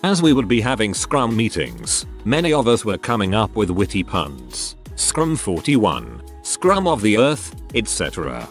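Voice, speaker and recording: A man's voice: fairly low pitch, very animated, measured pace, few pauses, soft background music. A man narrating online stories in a scripted, storytelling delivery.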